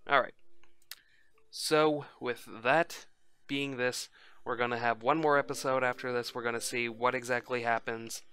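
A man's voice: medium pitch, level tone, moderate pace, bright, forceful tone, clean tone. A man casually playing through a story game, reading the dialogue aloud in a loose, joking way with crude asides. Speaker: gaming YouTuber.

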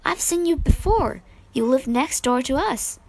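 Woman doing a blunt tomboy sister, eager, kinda high. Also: animated, measured pace, vocal fry, darkish tone, dry recording, full character voice, rough recording.

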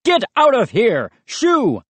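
A woman voicing a hot-tempered neighbor man who shouts angrily in a storybook. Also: mid-range voice, expressive, normal speed, no room sound, voice pushed up, lightly acted. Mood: angry. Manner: shouting, angry.

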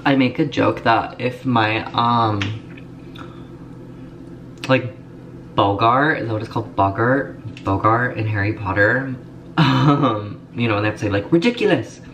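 Young male vlogger, chatty and rambling, steady mid voice, home recording with noticeable background hum. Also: mid-range voice, a little slow, pauses often. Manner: chatty, rambling, lots of "like" fillers. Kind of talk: casual vlog chat to camera. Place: Los Angeles, at home and in a car. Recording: home vlog with clear ambient noise.

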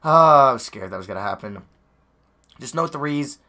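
Nervous, excitable young man narrating gameplay. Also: mid-range voice, moderate pace. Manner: anxious, excitable, talks to players on screen. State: hoarse. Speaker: gaming YouTuber. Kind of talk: live gameplay commentary.

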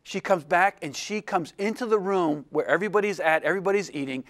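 High-voiced man telling a lecture story. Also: fast. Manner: animated, self-deprecating, acts out quoted voices. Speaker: illustration professor giving a lecture. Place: lecture room with an audience.

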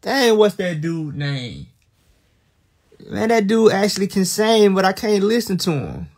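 A young man with a drawl hosts a casual livestream, ribbing his viewers. His talk is unhurried and drawn out, and his voice sits a touch higher than most men's. He slips into bursts of mock alarm and easy teasing. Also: sing-song, a little mellow. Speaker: livestream host.

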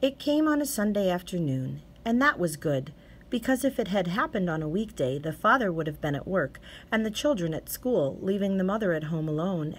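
A woman reading a short story aloud as an audiobook narrator, measured and steady. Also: fairly low pitch. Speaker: audiobook reader. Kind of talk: scripted narration.

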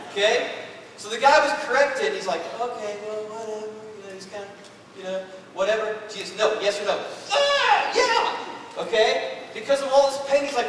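A man preaching a sermon as pastor, animated and swinging from soft-spoken to loud, acting out voices. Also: sits high, noisy background. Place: church sanctuary. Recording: echoey church hall from far off.

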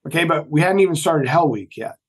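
A man's voice: on the high side, a little fast, slightly rough. A man, a former Navy SEAL, telling a story as a podcast guest and acting out the people in it. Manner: animated storyteller, acts out quoted voices. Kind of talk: storytelling interview talk.

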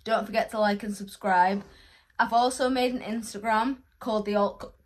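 A woman's voice: medium pitch, steady tone, moderate pace. A woman chatting casually to camera in a vlog, tipsy after a night out and hiccuping, rambling and repeating herself. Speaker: vlogger.

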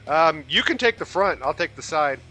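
Casual male host, bright tone, faint metal music underneath. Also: a little high, normal speed. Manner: relaxed, talkative. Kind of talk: casual gaming chat. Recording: light background metal music.

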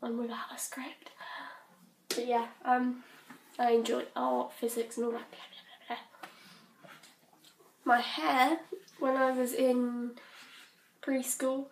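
A British teenage girl rambling casually in her bedroom, scattered and quick to giggle. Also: high voice, flat delivery, vocal fry, slight background noise. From Britain. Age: teens. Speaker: vlogger. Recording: roomy bedroom echo.

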